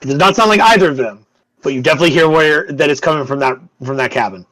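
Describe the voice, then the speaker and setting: A man narrating a tabletop game as game master, in a halting way with many restarts. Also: a little high, lively intonation, fairly bright tone, dry recording, poor audio.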